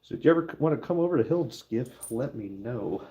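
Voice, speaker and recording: A man's voice: mid-range voice, lively intonation, fast talker, dark tone, dull audio. A middle-aged man chatting casually to camera while stamping a silver bar, joking and talking to his dog as he works.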